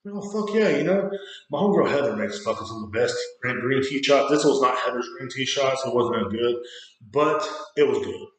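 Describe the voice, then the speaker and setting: A man hosts a podcast, spinning a rambling, cuss-filled anecdote and slipping into voices for the people in it. His pitch sits in the middle for a man. The sound is very echoey and roomy. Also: expressive, a little fast, fairly bright tone. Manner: profane, rambling anecdote with acted quotes. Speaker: podcast host. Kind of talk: casual storytelling. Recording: very echoey room.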